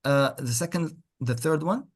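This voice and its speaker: A man's voice: on the high side, unhurried, breathy edge. A man teaching an online English lesson, encouraging and repeating words with frequent praise. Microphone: computer mic on a video call.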